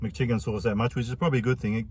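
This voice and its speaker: A man's voice: medium pitch, fairly even intonation, very fast, a little mellow, slight background noise. An Australian man with a mid-range voice chats his way through a burger review. He rambles and drops casual slang as he goes. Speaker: food reviewer. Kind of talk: casual food review vlog.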